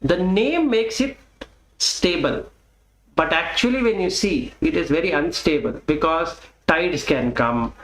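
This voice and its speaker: A man's voice: a little high, animated, unhurried, fairly bright tone, roomy sound, low-quality recording. A man with an Indian accent giving a Dhamma talk as a Buddhist teacher, explaining step by step and putting questions to the listener.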